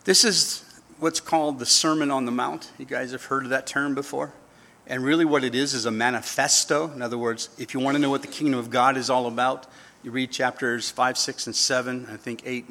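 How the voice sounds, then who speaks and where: A man's voice: medium pitch, little pitch movement, a little fast, bright, forceful tone. A man in his fifties preaching a sermon, telling stories with humor and acting out voices. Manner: storytelling with acted-out voices and humor. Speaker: pastor.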